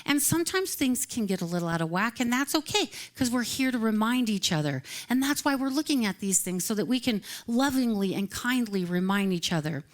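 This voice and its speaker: A woman's voice: a little high, expressive, fairly quick, few pauses. A woman minister giving a casual live sermon, chatty and light, often laughing between phrases. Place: live service at a spiritual center.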